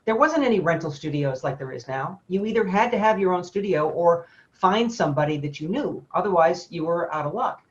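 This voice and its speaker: A woman's voice: on the low side, muffled recording. A woman photographer telling a long anecdote in casual, rambling talk with many fillers and laughs. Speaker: studio owner and photographer. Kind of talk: casual storytelling on a webinar.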